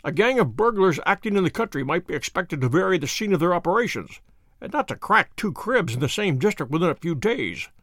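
A man voicing a cool, dry detective who speaks in a measured, thoughtful way. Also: high-pitched, sing-song, a bit bright, dry recording, heavily acted. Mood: musing.

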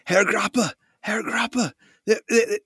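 A frightened male soldier, as a game master puts him on, high-pitched and stammering with panic. He repeats himself frantically in a tabletop game. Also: fairly even intonation, measured pace, pushed and bright, husky, no echo, clean studio sound, full character voice. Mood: panicked.

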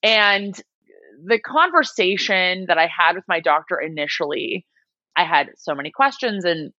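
A woman's voice: lowish voice, lively intonation, normal speed, pushed and bright, dry recording. A young adult woman telling a personal story in a casual interview, animatedly mimicking the people she quotes. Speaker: guest. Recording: slightly dull lo-fi sound.

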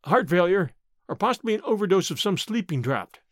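A man doing a brisk young doctor. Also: high voice, lively intonation, no room sound, studio quality. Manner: brisk and matter-of-fact.

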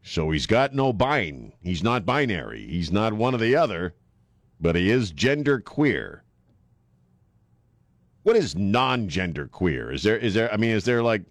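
A sarcastic male talk radio host with a lowish voice and a wry, mocking delivery. He sounds dry and close to the studio mic, with no room sound, riffing loosely between jokes and comments. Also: no room sound. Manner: sarcastic, mocking, joking asides. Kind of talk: casual talk radio monologue.

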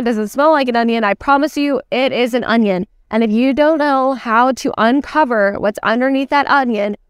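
Smooth-voiced female sales coach. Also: fairly high pitch, no room sound, studio quality. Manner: emphatic, chatty, lots of "like" and "okay?". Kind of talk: teaching lesson.

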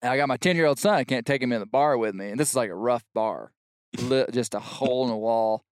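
A middle-aged man on a podcast telling a long funny story, animated and shouting out the lines he quotes. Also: medium pitch, quick pace, clean tone, no echo, clean studio sound. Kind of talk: casual storytelling chat.

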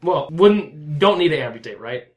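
A man's voice: fairly high pitch, lively intonation, moderate pace, darkish tone. A man playing a tabletop game, talking casually with lots of swearing and hesitant fillers. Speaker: player. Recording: roomy echo.

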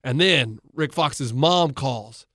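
A man's voice: mid-range voice, slow. A man, a coach and co-host, in casual sports talk, telling stories eagerly with many restarts. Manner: animated storyteller, retells others' words with many restarts.

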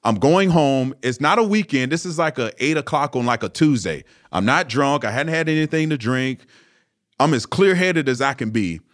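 A man in his thirties or older, a former pro football player, telling a story as an interview guest in a casual, animated way, with lots of "you know" fillers and restarts. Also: mid-range voice, normal speed. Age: 30s or older.

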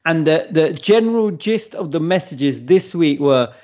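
A man's voice: fairly high pitch, expressive, measured pace, few pauses, a little mellow, dull audio. A man co-hosting a podcast in casual banter, teasing his co-host and steering the talk.

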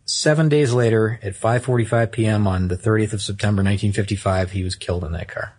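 A man's voice: fairly low pitch, steady tone, quick pace, a little mellow, breathy edge. A man co-hosting a podcast, casually telling a story from his notes, rambling and correcting himself as he goes. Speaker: podcast co-host.

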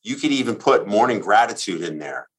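Podcast guest, male, punchy and repetitive, swings from high to low. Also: big pitch swings, a little fast. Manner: emphatic, repetitive, profane. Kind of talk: motivational casual talk.

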